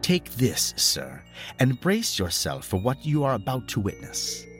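A man's voice: medium pitch, wildly swooping pitch, a little slow, soft background music, voice pushed up. A man voicing a grim old career officer.

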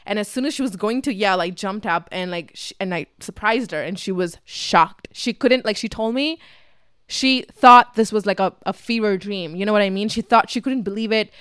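A woman's voice: mid-range voice, moderate pace, fairly bright tone, clean tone, dry recording, studio quality. A young woman whose first language is Tamil, hosting a podcast and telling a story casually, swearing freely and saying "like" often. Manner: chatty and profane, heavy use of "like". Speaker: podcast host.

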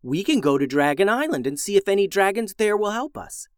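A man's voice: high voice, very animated, a little fast, clear, resonant tone, dry recording, clean studio sound, voice pushed up. A man voicing a spirited girl with a magic wand, talking in an upbeat, eager way. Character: girl, spirited young witch sibling.

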